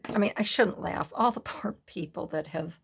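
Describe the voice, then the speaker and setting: A woman's voice: fairly low pitch, normal speed, vocal fry, slight background noise. A woman hosting a collage craft video, chatting casually and telling stories while she works. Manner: chatty, storytelling, laughs easily.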